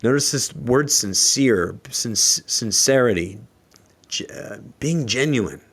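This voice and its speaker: A man hosting a solo motivational podcast, earnest and openly emotional, reading quotes slowly and reflecting on them. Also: medium pitch, lively intonation, a bit bright, husky. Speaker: podcast host.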